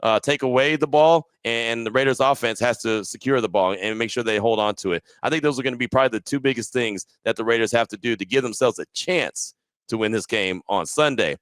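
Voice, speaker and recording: A man speaking fast as a sports podcast co-host, laying out game keys before handing off with a question. His voice sits at a middle pitch. The recording is dry and close. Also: a bit bright, clear, resonant tone, no echo. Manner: poses questions, short agreeing replies.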